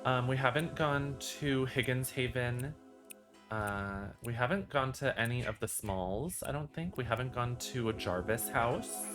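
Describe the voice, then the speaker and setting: A man's voice: medium pitch, animated, a little slow, low-quality recording. A man streaming a video game, chatting casually and reading out chat requests. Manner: chatty, reads chat aloud. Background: game music.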